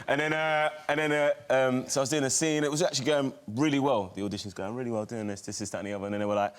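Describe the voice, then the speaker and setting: A man's voice: mid-range voice, steady tone, racing, few pauses, a little hiss or hum. A male actor, a guest on a talk show, telling a story and laughing through it. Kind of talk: animated talk-show anecdote.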